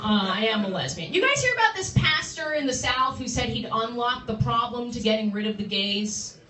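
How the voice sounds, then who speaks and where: A young woman doing a stand-up set, dry and self-deprecating, with quick asides to the audience. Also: fairly high pitch, lively intonation, background noise. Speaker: stand-up comedian. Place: small bar comedy room. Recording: roomy, from far off the mic. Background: audience laughter.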